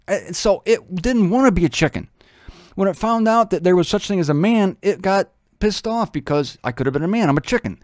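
A man's voice: high-pitched, animated, a little fast, no echo, studio quality. A man giving a conversational, humorous Bible teaching, breaking into little acted voices.

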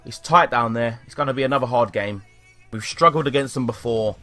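A young British man commentating live on his own football video game, excitable and swearing at the play. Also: mid-range voice, a little fast, faint music behind. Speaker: gaming YouTuber.

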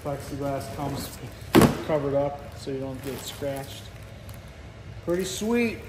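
Excitable man in a reverberant garage. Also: medium pitch, slow pace, heavy background noise. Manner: excitable, casual, blunt. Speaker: car vlogger. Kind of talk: casual install walkthrough.

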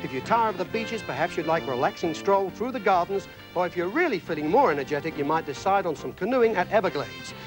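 Game show host over music. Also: male voice, sits high, lively intonation, fast talker, few pauses. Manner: polished, upbeat announcing. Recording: clear music behind the voice.

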